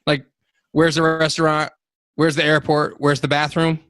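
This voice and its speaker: Male podcast co-host, playful, sharp tone, slightly higher voice. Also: completely flat delivery, normal speed, clear, resonant tone, no echo. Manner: playful, joking. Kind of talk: casual podcast chat.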